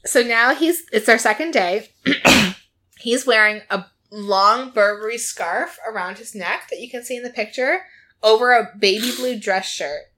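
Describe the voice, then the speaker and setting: A woman's voice: on the high side, a little slow, bright, forceful tone. A woman co-hosting a casual chat, recapping a reality show with lots of "like" and quoted lines. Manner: chatty storytelling, acting out quotes, frequent "like".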